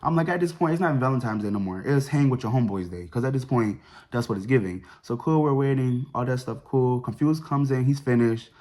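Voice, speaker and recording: A young man at a middle pitch races through a personal storytime, loose and conversational. He leans on casual slang and keeps coming back to filler words like "whatever" and "cool". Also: fairly quick, darkish tone. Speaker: vlogger.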